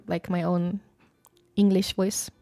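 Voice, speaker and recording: A young woman with a southern Swedish accent, chatting casually on a stream, reading chat aloud and musing with fillers and soft laughs. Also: fairly low pitch, level tone, takes it slowly, gravelly, no room sound, faint music behind. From Sweden.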